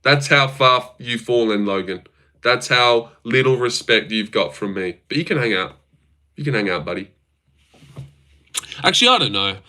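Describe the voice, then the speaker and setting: A man's voice: mid-range voice, lively intonation, normal speed, long pauses, pushed and bright. A young man hosting a casual livestream, bantering with his chat in a crude, teasing way and swearing often. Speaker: livestream host.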